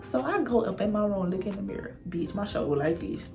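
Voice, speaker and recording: A young woman recounts a story for her viewers in a loose, animated way, swearing freely and speaking straight to them. Her voice sits at a middle pitch, and faint music plays underneath. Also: fairly quick, gravelly. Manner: animated, profane, addresses viewers directly. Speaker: vlogger telling a story. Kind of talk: casual storytime monologue.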